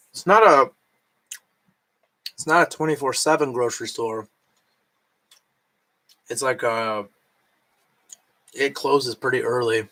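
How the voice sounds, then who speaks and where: On a late-night live stream, a drunk man with a bright, forward, medium-pitched voice chats loosely on a low-quality recording. He wanders from thought to thought, swears often, and chews food while he talks.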